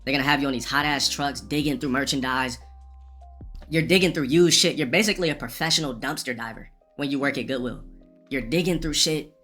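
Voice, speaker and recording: Male streamer, quick profane rambler, casual anecdote delivery. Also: mid-range voice, sharp tone, faint music behind. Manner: rambling, profane, restarts often. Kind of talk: casual storytelling rant.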